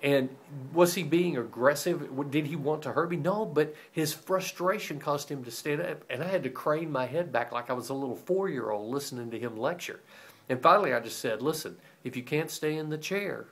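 A middle-aged man giving a devotional teaching as a pastor, telling stories in a lively way and acting out the voices of the people in them. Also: on the high side, brisk, breathy edge. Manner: animated storytelling, acting out quoted voices.

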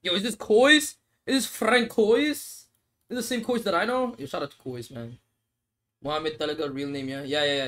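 A man's voice: on the high side, a bit bright. A young man streaming a mobile game, joking and swearing in casual chat while he answers comments and eats noodles. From Australia. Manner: laid-back, joking, swears, laughs often; talks while eating noodles.

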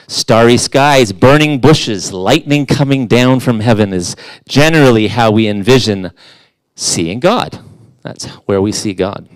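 A middle-aged man with a mid-range voice, recorded with no room sound, preaches a conversational sermon as a guest in a church. He's casual and self-deprecating, tossing in playful asides.

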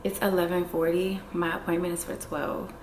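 A woman's voice: on the low side, little pitch movement, normal speed. A woman talking casually to her viewers in a vlog, chatty and nervous. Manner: chatty, talks to viewers as y'all. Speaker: vlogger. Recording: echoey room with faint noise.

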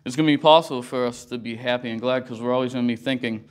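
A man's voice: medium pitch, fairly even intonation, racing. A man teaching a Sunday school class in a church, talking through scripture in an earnest, conversational way. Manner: earnest, conversational, often says "you know". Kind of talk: casual Bible teaching.

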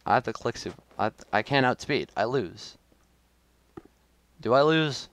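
A man's voice: mid-range voice, lively intonation, a little slow, a bit bright, slight background noise. A young man giving live commentary on his own game match, frustrated and self-critical, with sudden outbursts. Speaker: gaming video creator.

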